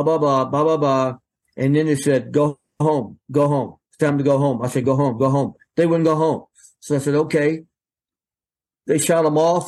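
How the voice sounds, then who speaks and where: An older man spins a rambling, folksy story as a guest. His voice sits a little high, and he jumps into quoted voices as he goes. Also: a little mellow. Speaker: guest, veteran wrestling referee.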